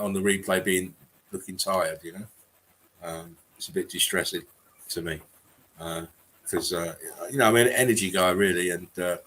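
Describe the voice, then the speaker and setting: Low-voiced man, rambling chat. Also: fairly bright tone. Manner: rambling, many fillers and restarts. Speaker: stream co-host. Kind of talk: casual livestream chat.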